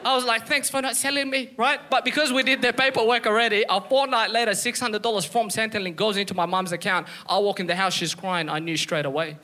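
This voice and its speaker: A man's voice: high-pitched, fairly even intonation, fast talker, few pauses, bright, forceful tone. A man from Ethiopia doing a stand-up comedy set on a club stage, telling punchy stories and acting out his mother's lines.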